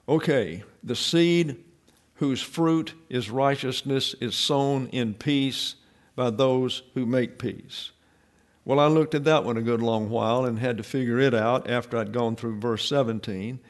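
Middle-aged male Bible teacher, scholarly and wry, working through a text with frequent fillers. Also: medium pitch. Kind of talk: verse-by-verse Bible lesson.

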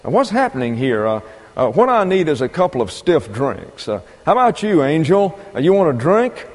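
A man's voice: on the high side, very animated, moderate pace, a little mellow. A man voicing a despairing, sarcastic man at the end of his rope in a retold film story. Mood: bewildered. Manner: sarcastic, agitated. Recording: long reverb.

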